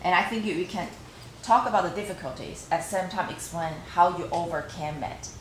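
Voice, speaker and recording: A woman's voice: fairly low pitch, brisk, a little hiss or hum. A woman teacher giving feedback to students after practice interviews, coaching with frequent "okay" and acting out example phrases. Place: classroom. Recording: echoey classroom, faint ambience.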